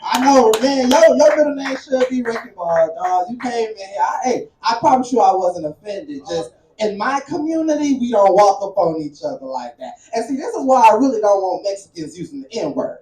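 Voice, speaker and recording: A man does stand-up with loose, confrontational banter aimed at the audience. His pitch swings widely as he talks. He sounds distant and roomy, as if picked up from across an echoey club. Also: sing-song, a little fast, few pauses, warm tone. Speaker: stand-up comic. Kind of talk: stand-up comedy set.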